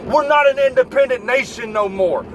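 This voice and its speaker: A man's voice: very high voice, normal speed. A man delivering a profane political rant, lecturing the listener directly and swearing freely. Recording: outdoor traffic noise behind voice.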